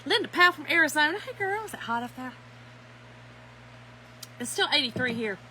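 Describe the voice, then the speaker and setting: A woman's voice: sits high, lively intonation, fairly quick, sharp tone, slight background noise, rough recording. A middle-aged woman, hosting a casual craft livestream from home, greeting viewers by name and laughing often.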